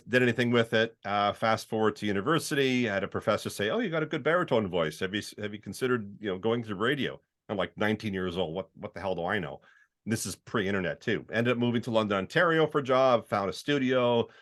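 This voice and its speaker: A man's voice: on the low side, a bit bright. A middle-aged man from Canada, a voiceover artist chatting casually as a podcast guest, often acting out the voices he describes.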